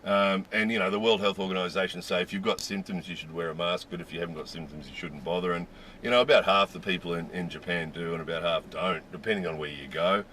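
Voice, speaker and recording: Lively man telling a story, bright voice. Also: low voice, fast, slight background noise. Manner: animated, laughing, restarts when excited. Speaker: vlogger. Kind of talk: casual storytelling.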